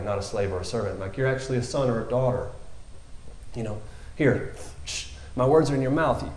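A man's voice: mid-range voice, darkish tone. Casual rambling male preacher, roomy sound. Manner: rambling and conversational, lots of fillers. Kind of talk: informal sermon.

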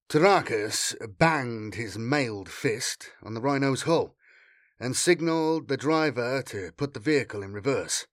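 A man narrating an action story with dramatic, expressive delivery. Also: mid-range voice, no echo, studio quality. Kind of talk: audiobook narration.

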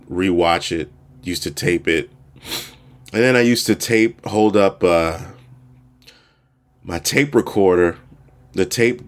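A man from Maryland hosting his own podcast, telling a loose personal story at home with many fillers and restarts. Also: low-pitched. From Prince George's County, Maryland. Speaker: podcast host. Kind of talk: casual solo storytelling. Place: home room.

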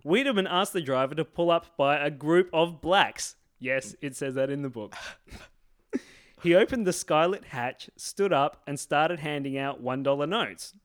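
A man's voice: fairly high pitch, unhurried. An Australian man co-hosting a casual podcast, reading passages from a book aloud and laughing often between them.

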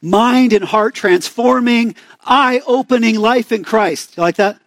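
High-voiced man preaching a casual sermon. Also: takes it slowly, fairly bright tone, no room sound. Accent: Arizona. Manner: conversational, asks the congregation questions. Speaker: pastor.

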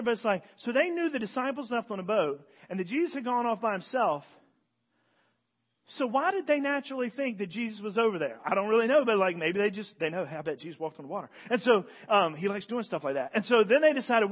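As a guest speaker, a young man with a high-sitting voice gives a casual, joking sermon. Retelling the story with animation, he acts out the people in it.

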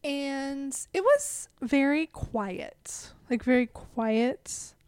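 A young woman co-hosting a podcast, chatting in a relaxed way and describing a movie. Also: high voice, extremely slow, no room sound. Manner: relaxed, frequent backchannel "mm-hmm" and short agreeing replies. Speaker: podcast co-host. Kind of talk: casual chat.

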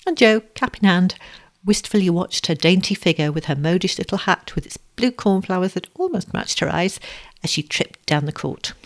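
A woman narrating a storybook in a steady, expressive reading voice. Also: on the low side, moderate pace.

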